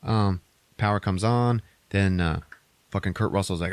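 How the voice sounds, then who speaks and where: A man talks through a movie plot on a podcast, casual and full of swearing. His voice sits low. The sound is dry and close, with no room around it. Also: moderate pace, dry recording. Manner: profane, animated retelling with put-on quotes. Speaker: podcast host.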